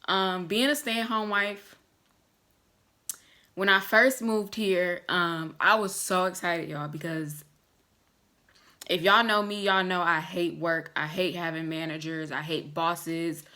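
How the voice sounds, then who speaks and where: Twenties woman just talking to her viewers, lowish voice with a bright forceful edge, lots of likes and ums. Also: takes it slowly. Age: 20s. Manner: chatty, relaxed, lots of "like" and "um" fillers; warm and candid, talking straight to viewers. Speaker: vlogger. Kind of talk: casual vlog chat.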